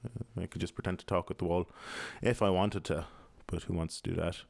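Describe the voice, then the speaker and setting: A young Irish man rambles through a casual podcast monologue from his home apartment, mumbling, swearing and leaning on plenty of fillers. His voice sits low and comes out brisk and gravelly, a little mellow, with no room sound on the recording.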